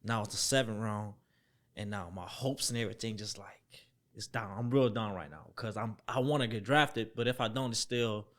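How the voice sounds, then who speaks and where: A young man telling a story as a podcast guest, acting out the voices he quotes, dropping to near-whispers and then jumping up loud. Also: lowish voice, moderate pace. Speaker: podcast guest, former football player. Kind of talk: storytelling in a casual interview.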